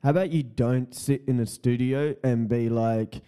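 A man's voice: mid-range voice, steady tone, normal speed, hardly any pauses, dark tone, clear, resonant tone. A man hosting a casual solo podcast, talking in a profane, mocking way and often laughing. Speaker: podcast host.

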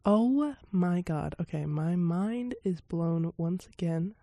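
A woman's voice: on the low side, lively intonation, slow pace, mellow, no echo, clean studio sound. A woman hosting a casual podcast, reacting to a film in a chatty, giggly way, often laughing and exclaiming in surprise. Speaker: podcast host.

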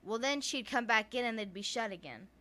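A woman co-hosting a podcast tells ghost stories casually in a Southern US accent, laughing often and filling her chatty speech with "like." Her slightly high voice is brisk, bright, and forceful, with lively intonation.

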